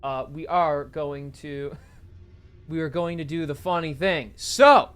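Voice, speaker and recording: A man's voice: on the high side, slow, a bit bright, smooth. A man acting as game master of a tabletop game on a stream, talking in a rambling, joking way. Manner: rambling, self-deprecating, joking.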